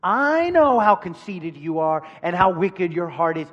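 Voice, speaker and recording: A man voicing a jealous older brother who scolds and belittles his younger sibling in a hushed, scornful tone. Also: high voice, sing-song, measured pace, big-room sound, lo-fi sound, heavily acted. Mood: scolding.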